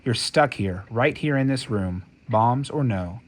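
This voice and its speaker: A man's voice: medium pitch, expressive, measured pace. A man reading the part of a harsh, cruel working-class mother, speaking in a cold, contemptuous way. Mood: scornful.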